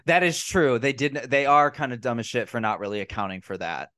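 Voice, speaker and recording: A man hosting a casual movie review podcast, recapping scenes in a profane, mocking, animated way. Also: medium pitch, a little fast, dry recording, studio quality. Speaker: podcast host.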